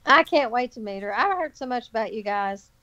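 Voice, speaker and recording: A woman's voice: on the high side, a little fast, dry recording, highs cut off. A woman with a Southern US accent telling stories expressively on a video call. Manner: expressive, laughing storyteller. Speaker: guest. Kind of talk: casual group chat.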